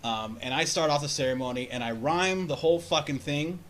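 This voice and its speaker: A man's voice: on the high side, fairly quick, background noise. A man on a casual podcast telling a long, rambling, profane story with many restarts. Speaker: podcast host.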